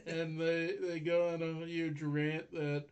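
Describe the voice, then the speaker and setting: A man casually reviewing an anime episode with a co-host, unhurried and chuckling as he refers to his notes. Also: a little high, level tone. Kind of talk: casual recap chat.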